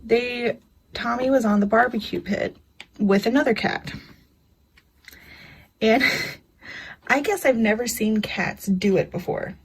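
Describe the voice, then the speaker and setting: A young woman talking casually to her viewers in a slightly high, breathy voice. She rambles loosely, tosses in filler, and drifts between anecdotes. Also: slow pace, long pauses, low-quality recording. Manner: chatty, rambling storyteller with frequent "you know" and laughs. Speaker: craft vlogger. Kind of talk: casual chat.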